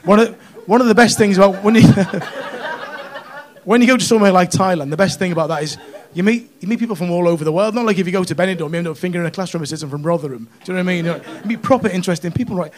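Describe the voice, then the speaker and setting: A man's voice: high-pitched, fast. A middle-aged man from northwest England with a northwest English accent, doing a stand-up comedy set in a chatty, cheeky way with lots of tag questions. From Runcorn, northwest England. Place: comedy club stage.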